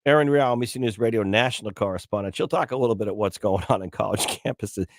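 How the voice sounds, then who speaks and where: A man hosting a morning radio talk show, telling stories in a chatty, animated way with many restarts. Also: fairly low pitch, fast talker, dry recording, studio quality. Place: radio studio.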